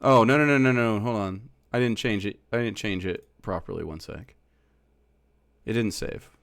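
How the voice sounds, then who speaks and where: A man's voice: lowish voice, normal speed, gravelly, a bit bright, no echo. A male streamer in casual live-stream chat, sarcastic and mocking as he argues with viewers.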